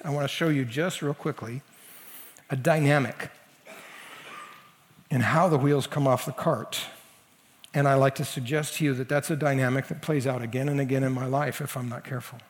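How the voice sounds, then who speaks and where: A senior pastor preaches to his congregation in a conversational yet emphatic way, leaning into quoted voices. His voice is a little high, and the recording has a big-room sound.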